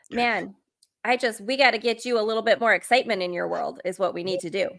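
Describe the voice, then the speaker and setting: A woman's voice: mid-range voice, fairly even intonation, brisk, vocal fry, fairly bright tone. A woman guest co-hosting a podcast, chatting in a bubbly, enthusiastic and playful way. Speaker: guest co-host. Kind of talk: casual podcast chat.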